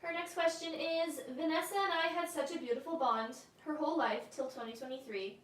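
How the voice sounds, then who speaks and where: High-voiced woman briskly reading questions. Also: steady tone, echoey room, recorded from a distance. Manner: brisk, reads questions quickly. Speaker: co-host reading viewer questions.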